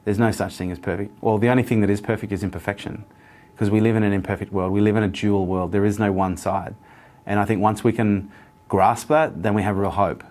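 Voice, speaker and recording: His fairly low, slightly mellow voice keeps a steady tone at a brisk pace. As an interview guest giving motivational talk, he tells earnest stories and repeats his phrasing often.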